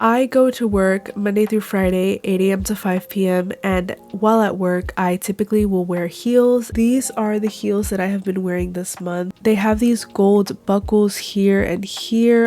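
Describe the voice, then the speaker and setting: A young woman in her twenties narrating a monthly favorites vlog in a calm, measured, gently enthusiastic way, her voice nasal and stuffed up from a cold. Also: medium pitch. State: congested with a cold. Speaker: YouTuber.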